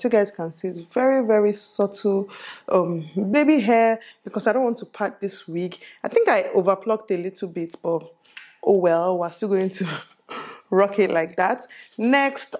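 A woman's voice: medium pitch, darkish tone. A Nigerian woman in her thirties, a beauty vlogger chatting casually and laughing often as she styles a wig and tells a story. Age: 30s. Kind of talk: casual chat while styling a wig.

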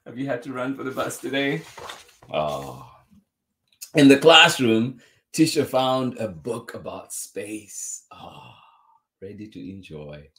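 A man's voice: mid-range voice, a bit bright. A man reading a children's picture book aloud, chuckling often and adding exclamations between pages. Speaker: children's story reader.

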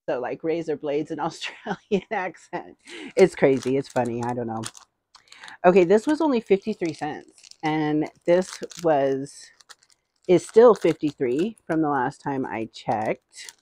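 A woman's voice: deep voice, expressive, unhurried, mellow. A middle-aged woman vlogger in casual, rambling haul chat, giggling often.

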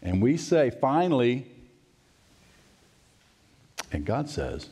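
A man's voice: fairly low pitch, expressive, brisk, darkish tone, husky. A middle-aged male pastor delivering a sermon, telling a family story and acting out the voices in it. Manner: storytelling preacher, acts out voices and asides.

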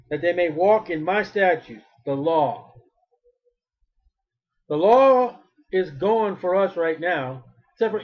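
A man's voice: high voice, husky, dull audio. A male preacher giving a fervent sermon, repeating his phrases and rising to cries when he quotes.

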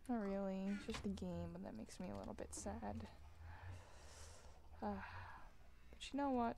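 A woman hosts a gaming video, chatting casually over her gameplay at a desk microphone with slight background noise. Her medium-pitched voice moves at a moderate pace with vocal fry. Excitable and self-mocking, she breaks into loud exclamations.

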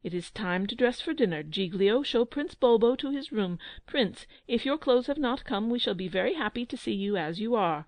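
A woman's voice: fairly high pitch, expressive, normal speed, few pauses, a little mellow, no room sound. Woman voicing a good-natured, scatterbrained queen. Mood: chiding.

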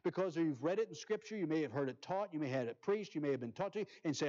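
A male pastor preaching a sermon, reading scripture aloud and swinging from loud emphasis to soft near-whispers. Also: fairly high pitch, expressive, quick pace, few pauses, dull audio.

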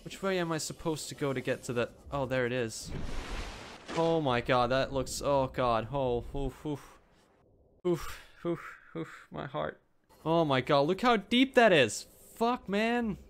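A jittery game streamer talks through live play at home and curses nearly every line. The voice swings widely in pitch and leaps to squeaky highs when startled, with a faint hum of ambience behind it. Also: lively intonation, measured pace. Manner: jumpy, swears constantly. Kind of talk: live gameplay reaction.

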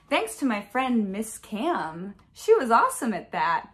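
A woman's voice: on the high side, unhurried, few pauses. Upbeat woman music teacher. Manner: upbeat and encouraging, chanting rhythm syllables to a steady beat. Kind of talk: at-home music lesson for children.

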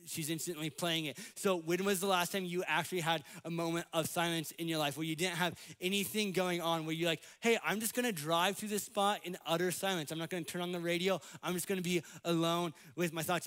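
An American man preaching a sermon in church, animated, acting out the voices he quotes. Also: on the high side, a little fast, few pauses. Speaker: pastor. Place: church sanctuary.

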